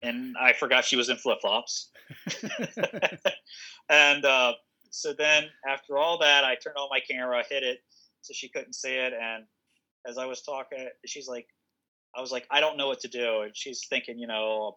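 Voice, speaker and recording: A man's voice: mid-range voice, fairly even intonation, moderate pace, bright, forceful tone, poor audio. A young man, a political candidate, telling stories in a casual podcast interview with many fillers and restarts. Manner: rambling storyteller, frequent restarts and fillers, laughs often.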